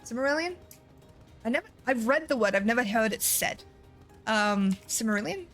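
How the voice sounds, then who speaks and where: Over soft background music, a woman with a high-leaning, bright, animated voice streams a game at a brisk pace. Her chat is casual, full of free swearing and frequent laughter.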